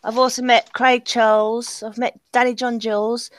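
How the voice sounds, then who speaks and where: A woman's voice: a little high, level tone, moderate pace, slight background noise. A woman with a Birmingham accent hosting a casual voice chat, laughing and teasing. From Birmingham, England. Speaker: stream host.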